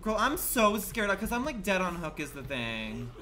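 Man, livestream gameplay commentary, campy and slangy, higher-pitched, swings from shrieks to mutters. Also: big pitch swings, moderate pace, background noise. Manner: campy and dramatic, full of slang; swings between loud outbursts and low mutters. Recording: loud game music under the voice.

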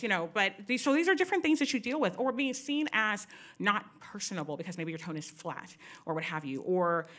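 A woman's voice: medium pitch, fairly bright tone. A middle-aged woman speaking candidly to an audience at a panel event, telling personal stories with many asides.

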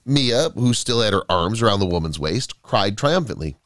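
A man reading a scripted story aloud, with expressive, dramatic delivery. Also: on the low side, moderate pace, no echo, clean studio sound. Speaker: narrator. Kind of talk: scripted narration.

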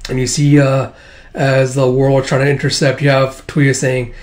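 A man's voice: medium pitch, completely flat delivery, moderate pace. A man casually reading a comic aloud, rambling with many fillers and the odd swear. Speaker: comic book reader and reviewer. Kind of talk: casual read-along of a comic.

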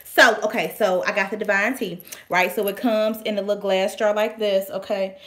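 A woman, chatting casually and excitedly through a product unboxing, with playful slang and sudden whispered asides. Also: medium pitch, moderate pace. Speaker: vlogger reviewing products.

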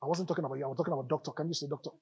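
A male pastor preaching a lively sermon in church, calling out to the congregation and joking between points. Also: a little high, very fast, husky, dry recording. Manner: animated preaching with audience call-outs and jokes.

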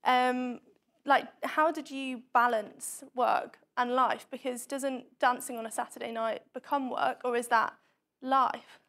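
A woman's voice: sits high, steady tone, a little slow, a bit bright. A young woman interviewer in her twenties asking friendly, hesitant questions with fillers.

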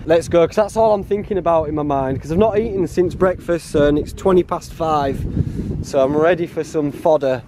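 A man's voice: on the high side, moderate pace. Brief: male hiking vlogger, chatty and self-mocking, faint wind outdoors. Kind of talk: casual vlog narration while hiking. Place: outdoors on a mountain trail. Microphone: handheld camera.

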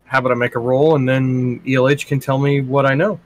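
A man's voice: medium pitch, flat delivery, brisk. A man playing a tabletop role-playing game, speaking in a hesitant way with restarts. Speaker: player.

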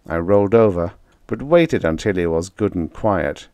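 A man narrating an audiobook in the first person, with expressive, dramatic storytelling, close to the mic. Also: low voice, moderate pace, no echo.

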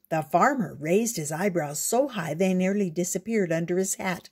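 A woman reading a picture book aloud in a gentle, unhurried storyteller's way. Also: fairly low pitch, husky.

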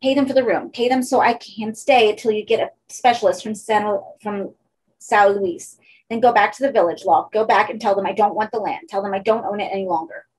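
A woman's voice: medium pitch, a little fast, slightly rough, natural voice, rough recording. A woman voicing a terrified German man who pleads frantically for help in an audiobook. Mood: desperate.

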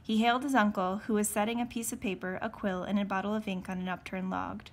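A female teacher moves quickly through a novel she's reading aloud. Her medium-pitched voice stays steady, with a self-correction here and there.

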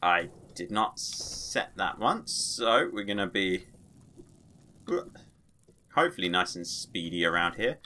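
A man giving excitable, playful let's play commentary as a gaming channel host, tossing in his own sound effects. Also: deep voice, slow, pauses often, slight background noise.

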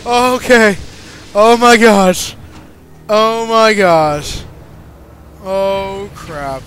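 A man's voice: high-pitched, very slow, fairly bright tone, a little hiss or hum. A young man commentating his own gameplay, panicking, yelping and pleading with the enemies on screen, then muttering as he reads and plays. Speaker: let's play gamer. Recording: game music behind the voice.

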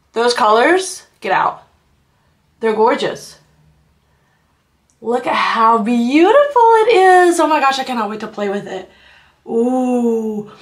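A woman with a mid-range, slightly bright voice talks casually in her apartment for a haul vlog. As a beauty vlogger, she enthuses about the products and leans on "like" and "you guys" throughout.

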